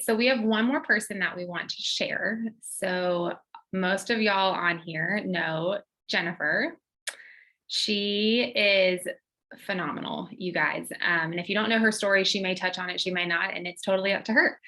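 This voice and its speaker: A woman's voice: medium pitch, rough recording. A woman hosting a team call, encouraging and chatty as she introduces a guest. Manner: warm, encouraging, uses y'all. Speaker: host. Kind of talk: casual chat.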